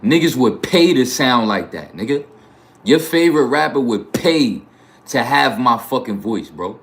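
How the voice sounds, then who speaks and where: A man's voice: mid-range voice, sing-song, unhurried. A young man with a New York accent, chatting boastfully on his livestream in heavy slang and profanity. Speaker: YouTube livestreamer. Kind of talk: casual livestream chat.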